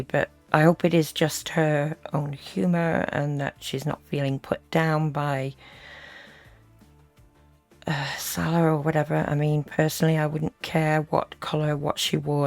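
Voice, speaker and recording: A woman's voice: sits low, fairly even intonation, unhurried, gravelly, faint music behind. A woman giving dry, wry commentary over a played stream. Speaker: reaction video commentator.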